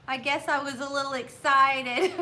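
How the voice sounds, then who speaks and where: A woman's voice: high-pitched, sharp tone. A middle-aged woman hosting a craft livestream, chatting casually and cheerfully as she greets viewers and reads out their names and comments. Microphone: laptop or phone mic.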